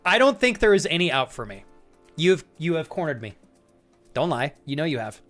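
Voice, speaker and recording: Man, live stream chat, playful, mock-indignant, slightly high voice, faint music behind. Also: sing-song, normal speed, fairly bright tone. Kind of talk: casual live-stream chat reading viewer messages.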